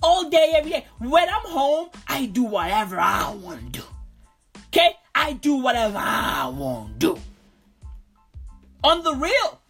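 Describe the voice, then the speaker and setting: A woman in a profane comic rant, full of slang, repeated lines and loud exasperated outbursts. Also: sits high, sing-song, unhurried, soft background music. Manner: slangy, swearing, repeating itself. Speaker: ranting vlogger.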